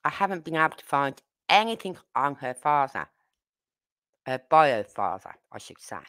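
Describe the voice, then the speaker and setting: Brummie woman doing a true crime live, blunt and fed up, low voice but sharp edge. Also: very animated, normal speed, clear, resonant tone. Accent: Brummie (Birmingham). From Birmingham, England. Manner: blunt, indignant, talks straight to viewers. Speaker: true crime channel host. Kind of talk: casual livestream chat.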